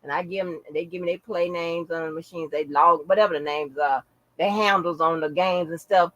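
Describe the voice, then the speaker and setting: A woman's voice: on the low side, steady tone, brisk, a bit bright, highs cut off. A middle-aged woman hosting her own channel, chatting casually to viewers in a brash, profane, laughing way and calling them baby and honey. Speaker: channel host.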